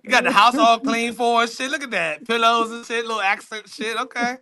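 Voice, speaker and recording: A man co-hosting a live talk show, excitable and teasing. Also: very high voice, a crowd in the background. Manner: excitable, teasing, quick to laugh. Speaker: co-host. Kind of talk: casual live show banter.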